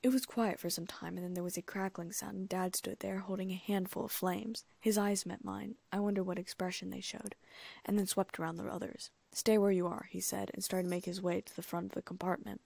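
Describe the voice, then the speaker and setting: Female audiobook reader, steady storytelling, slight vocal fry, close and dry. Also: mid-range voice, fairly quick, no room sound. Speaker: audiobook narrator. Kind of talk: first-person fan fiction reading.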